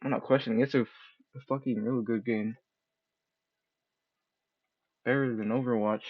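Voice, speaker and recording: A man's voice: medium pitch, steady tone, normal speed, dry recording, narrow, tinny audio. A man streaming a game from a room at home, rambling and self-deprecating, swearing casually as he chats. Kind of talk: casual live-stream commentary.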